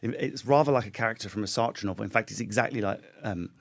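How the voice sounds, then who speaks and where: A man being interviewed as a comedian guest, telling stories in a rapid, animated, self-deprecating way with frequent restarts. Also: on the low side. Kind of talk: conversational interview storytelling.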